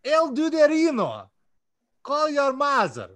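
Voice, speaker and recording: A man putting on a mock Russian accent to call out fan shoutouts loudly in a sing-song, drawn-out way. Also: extremely high pitch, huge pitch swings, voice pushed up, heavily acted. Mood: hammy. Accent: put-on Russian. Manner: loud, sing-song, drawn-out name calling.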